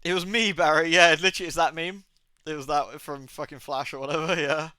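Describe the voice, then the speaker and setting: A young male streamer talks in a casual, rambling way, cracking jokes and tossing in quick goofy voices. His tone is bright and a touch high, and the sound is close and dry with no room around it. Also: fairly even intonation, dry recording. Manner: rambling, jokey, swears, acts out quick silly impressions. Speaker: game streamer. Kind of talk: casual live-stream chat.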